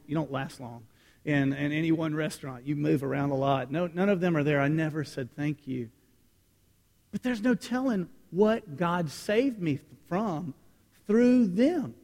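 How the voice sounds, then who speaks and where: High-voiced male pastor preaching in a hall. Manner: storytelling, swings from loud to hushed. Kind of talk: sermon.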